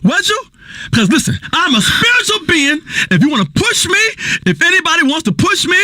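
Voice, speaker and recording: A volatile radio guru doctor for a game's talk station, preaching in a very high, bright voice that swoops all over the place. He rambles, hums and bursts into shouts without warning. The sound is dry and close. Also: no room sound, full character voice. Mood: confrontational. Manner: rambling, humming, sudden shouting, wild swings. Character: erratic self-styled spiritual doctor, adult man, volatile and preachy. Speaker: radio health show host. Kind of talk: comedic talk radio acting.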